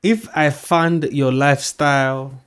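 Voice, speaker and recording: A man's voice: mid-range voice, steady tone, slow pace, fairly bright tone, clear, resonant tone. A man hosting, giving casual blunt commentary and arguing back at clips. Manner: blunt, argumentative, keeps saying bro. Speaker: host.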